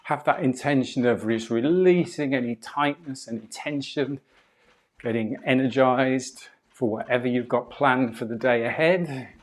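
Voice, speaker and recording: A man leading a morning qigong and breathwork class over a video call, his voice at an everyday middle pitch. He gives calm, unhurried cues and stretches out repeated words as he guides the movement. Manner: calm, guiding cues with drawn-out repetitions. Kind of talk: live online movement class instruction.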